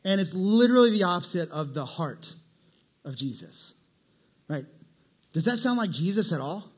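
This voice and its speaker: A male preacher with a high voice gives an animated, conversational sermon. He keeps asking the listeners questions as he talks. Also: normal speed, breathy edge. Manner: animated, asks the crowd questions.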